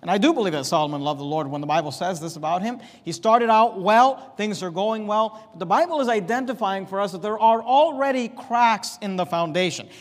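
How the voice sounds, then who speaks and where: A man preaching a verse-by-verse sermon, repeating key words slowly and with emphasis. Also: high voice, lively intonation, big-room sound. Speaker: pastor.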